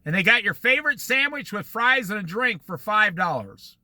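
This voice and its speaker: Man, high and very bright voice, chatty outdoor vlogger who likes to moralize. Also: lively intonation, normal speed, no room sound. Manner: chatty storyteller, moralizing asides. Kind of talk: casual vlog monologue. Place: outdoors near the shore.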